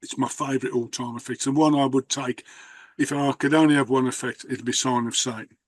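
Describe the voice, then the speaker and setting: Brief: male host, mid pitch, anecdotal and rambling, dry close mic. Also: steady tone, brisk, no room sound. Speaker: host, magician. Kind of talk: casual conversation.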